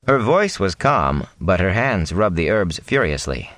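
A man narrating a fantasy novel aloud in an expressive reading. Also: deep voice, a little slow, no room sound. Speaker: audiobook narrator. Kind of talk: storybook narration.

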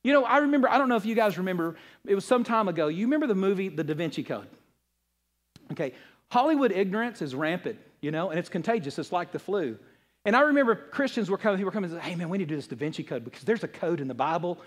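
A man preaching a sermon, asking the audience questions and swinging between loud passages and hushed ones. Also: high-pitched, very animated, quick pace. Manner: asks the audience rhetorical questions. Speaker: pastor.

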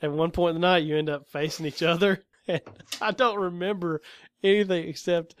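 A man's voice: a little high, fairly even intonation, a little fast, a little hiss or hum. A man co-hosting a casual chat, joking around and laughing often. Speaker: podcast co-host.

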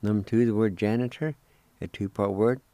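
A man hosting a radio language lesson, spelling words letter by letter and repeating each pronunciation slowly. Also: fairly low pitch, fairly even intonation, dark tone, no echo. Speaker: radio host teaching Cherokee words.

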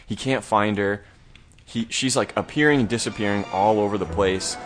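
The speaker is a podcast co-host, a man giving a loose, easygoing plot recap of a horror episode with the odd swear word. His fairly low voice moves at normal speed, with a little hiss or hum audible.

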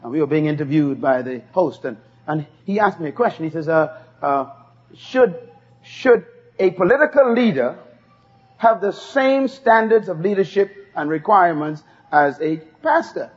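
Heard on a dull lo-fi tape, a male preacher with a fairly high, slightly rough voice talks at normal speed with plenty of expression. His call-and-response style has him emphatically repeating key phrases for the congregation to answer.

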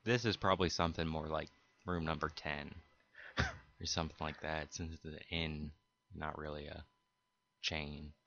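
A man making prank phone calls, talking in a deadpan, mock-official way. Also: extremely low pitch, normal speed, long pauses. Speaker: prank caller. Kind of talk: prank phone call banter. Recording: dull lo-fi tape.

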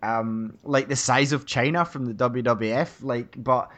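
A man's voice: mid-range voice, steady tone, a little slow, a bit bright. A Scottish man co-hosting a podcast, chatting casually about films with frequent ums and easy laughter. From Scotland. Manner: hesitant, many ums, laughs easily. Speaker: podcast co-host.

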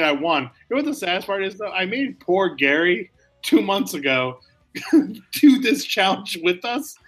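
A man co-hosting a casual podcast, excitable, laughing often and tossing in quick asides. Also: a little high. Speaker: podcast co-host. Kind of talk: casual podcast chat about wrestling.

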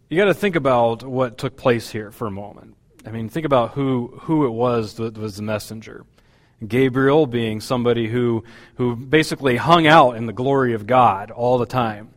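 A man's voice: medium pitch, normal speed, big-room sound. A man preaching a sermon as pastor, talking in a conversational, hesitant way with many fillers.

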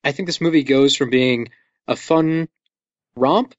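A man's voice: mid-range voice, unhurried, no echo. A man riffs enthusiastically about a film, tossing in jokes and the odd curse. His voice sits in a middle register. The recording is dry and slightly dull, like a home podcast setup. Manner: enthusiastic, profane, jokey. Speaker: podcast co-host. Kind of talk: casual movie commentary chat.

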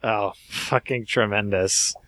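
A man's voice: lowish voice, fairly even intonation, slow pace, a bit bright. A man co-hosting a casual comedy podcast with a dry, sarcastic manner. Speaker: podcast co-host.

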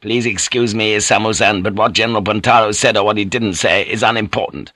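A man reading an audiobook and voicing a grizzled, tough old general who speaks gruffly and bluntly. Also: on the low side, steady tone, fairly quick, sharp tone, no echo. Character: grizzled tough older male army general.

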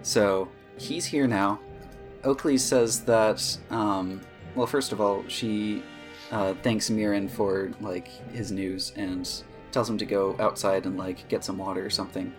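A man's voice: lowish voice, a little slow, soft background music. A man running a tabletop game as game master, narrating loosely with many fillers. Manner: relaxed, hesitant with fillers.

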